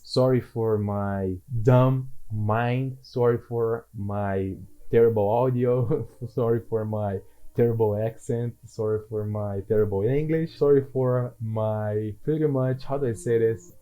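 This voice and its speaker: Mellow-voiced man rambling over gameplay. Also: on the low side, rough recording. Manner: rambling and self-deprecating, with frequent restarts. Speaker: gaming video creator. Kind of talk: casual gameplay commentary.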